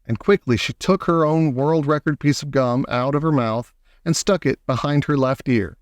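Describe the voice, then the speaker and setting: A man's voice: mid-range voice, dry recording, clean studio sound. Man reading a children's audiobook. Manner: measured storytelling, expressive. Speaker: audiobook reader. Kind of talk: audiobook narration.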